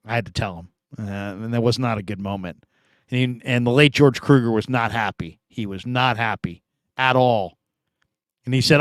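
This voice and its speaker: A middle-aged man from California hosting a sports show, chatting casually through live comments and telling stories with animated quoted voices. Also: medium pitch, normal speed, no echo, studio quality. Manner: animated storytelling, laughs often, acts out quoted voices.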